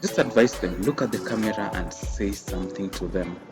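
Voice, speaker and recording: A man hosts the interview, firing off brief and teasing questions. His voice is fairly low, and clear music plays behind him. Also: fairly quick. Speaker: interviewer, host.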